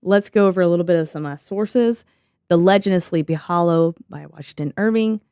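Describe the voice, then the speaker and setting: Jokey woman podcast host, lower voice. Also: fairly quick, warm tone, clear, resonant tone, no room sound, studio quality. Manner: jokey, laughs often, swears casually. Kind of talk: casual podcast chat reading from notes.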